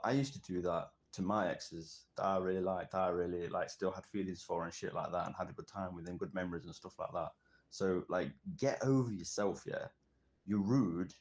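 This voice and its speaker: Deep-voiced man in a profane rant. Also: a little mellow. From Britain. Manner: profane, aggressive, ranting. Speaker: voice note sender. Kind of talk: angry voice-note rant.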